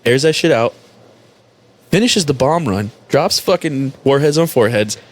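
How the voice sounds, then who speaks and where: A man's voice: medium pitch, animated, normal speed. A man, a former Marine, telling a story in a casual chat, swearing freely and laughing often. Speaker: podcast host, former Marine.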